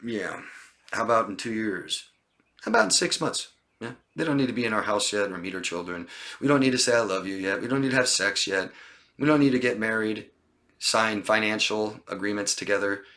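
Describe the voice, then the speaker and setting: Emphatic man coaching live, bright voice. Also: on the low side, brisk. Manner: emphatic, repeats lists of words and asks "okay?". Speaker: relationship coach. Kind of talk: live-stream Q&A, reading and answering viewer comments.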